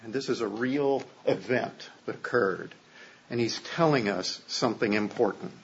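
Husky-voiced man preaching casually. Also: medium pitch, normal speed, highs cut off. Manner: conversational, joking, checks in with "okay?". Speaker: pastor. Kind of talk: sermon.

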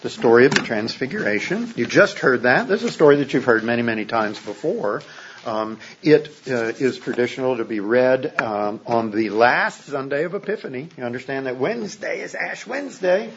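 A man's voice: mid-range voice, animated, moderate pace, lo-fi sound, a little hiss or hum. A man preaching a sermon as a pastor in a casual, joking, conversational way, often checking in with his listeners.

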